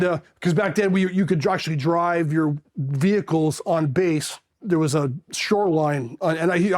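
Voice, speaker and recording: A man's voice: on the high side, a little mellow. A man in his fifties from California, a Marine veteran telling candid stories in a blunt, rambling way, swearing casually. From California, USA. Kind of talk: candid storytelling.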